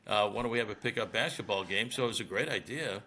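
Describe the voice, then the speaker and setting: Older guy spinning baseball yarns, bright forceful voice, low-ish pitch. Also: fast talker. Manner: animated storyteller, laughs at own stories. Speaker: radio broadcaster, guest. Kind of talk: casual storytelling interview.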